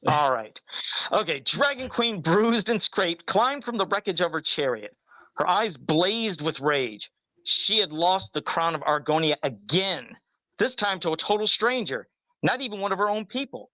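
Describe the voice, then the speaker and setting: A man's voice: sits high, sing-song, moderate pace, bright, forceful tone, no echo, low-quality recording. A man co-hosting a podcast, reading a storybook aloud in a casual way and chuckling as he goes. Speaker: podcast co-host.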